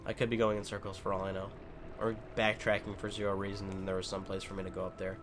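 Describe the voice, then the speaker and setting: A man's voice: low voice, completely flat delivery, quick pace, over music. A man doing casual gameplay commentary at home, rambling with many fillers and swearing freely as he tells a story. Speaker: gaming commentator.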